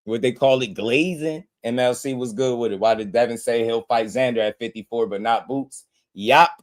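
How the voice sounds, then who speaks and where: Mocking, laughing boxing stream host. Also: male voice, medium pitch, moderate pace, a little mellow. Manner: mocking, trash-talking viewers with frequent laughs; addresses chat directly, repeating names and taunts. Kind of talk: live-stream chat reaction.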